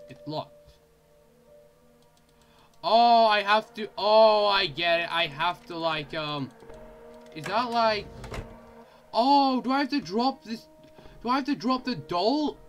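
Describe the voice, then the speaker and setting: A man giving let's play commentary on a horror game, excitable and jumpy, yelping and screaming and using mild swears. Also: high-pitched. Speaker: gaming channel host.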